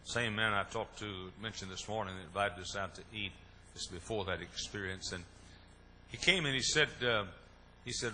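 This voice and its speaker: An older man preaching with a gravelly, bright-edged voice that sits a little low. He swings from hushed, trembling prayer to loud, fervent storytelling, shouting at his peaks. Faint room noise sits behind him. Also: moderate pace. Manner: builds from quiet prayer to shouting, impassioned storytelling. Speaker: pastor. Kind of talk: sermon.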